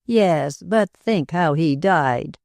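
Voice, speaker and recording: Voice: medium pitch, lively intonation, slow, creaky, a little mellow, no echo, studio quality. A narrator voicing a nervous middle-aged husband who stammers and moans in fear. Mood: anxious. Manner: stammering, moaning.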